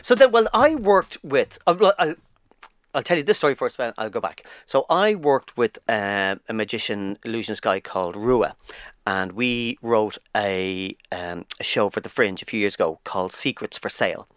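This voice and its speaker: A man's voice: fairly low pitch, animated, normal speed, a bit bright, no echo, clean studio sound. A man, co-hosting a podcast, rambling and jokey in casual chat. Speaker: podcast co-host.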